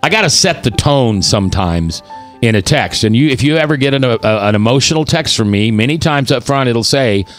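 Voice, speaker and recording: Male talk radio host, 50s, animated and preachy, mid pitch, faint music bed. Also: fairly quick. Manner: animated and preachy, acting out quotes.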